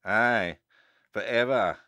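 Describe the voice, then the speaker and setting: A man voicing a solemn, aged male abbot who speaks with slow, grave meekness in an audiobook. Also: on the low side, bright, forceful tone, no room sound. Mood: grim.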